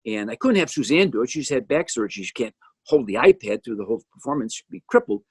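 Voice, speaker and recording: A man's voice: mid-range voice, fast talker, gravelly, breathy edge, dry recording. An older man giving casual, joking commentary on his own music video, with teasing asides about each person on screen. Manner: jokey, animated, teasing asides. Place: home.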